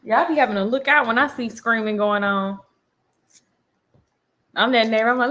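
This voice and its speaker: A woman's voice: on the high side, steady tone, moderate pace, pushed and bright. A young woman, chatting casually on a live vlog and animatedly acting out quotes in a storytime. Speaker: vlogger on a live chat.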